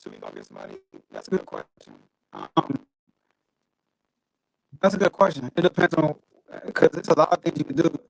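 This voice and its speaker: A man's voice: a little high, a little fast, pauses often, poor audio. Blunt emphatic man on a glitchy call. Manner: blunt, emphatic, repeats points. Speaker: sports show host. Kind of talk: casual sports talk. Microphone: video call with glitchy audio.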